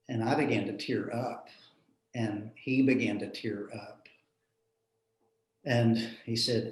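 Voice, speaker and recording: A man, a minister telling a personal story in an earnest, reflective way with soft chuckles. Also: mid-range voice, steady tone, measured pace, pauses often. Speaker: minister in a panel discussion. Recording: roomy echo.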